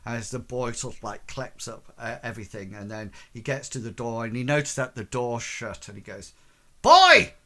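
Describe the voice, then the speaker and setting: A man narrates as game master, rambling through his descriptions with lots of "sort of, like" fillers. His voice sits at a middle pitch. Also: steady tone, moderate pace, hardly any pauses.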